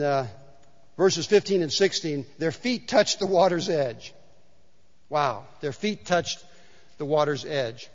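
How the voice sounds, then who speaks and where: A male pastor delivers a sermon in a church sanctuary, telling stories in a relaxed, conversational way. His voice sits high for a man, and he repeats key lines for emphasis. The recording is dull and carries long hall reverb. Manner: conversational storytelling with emphatic repetition.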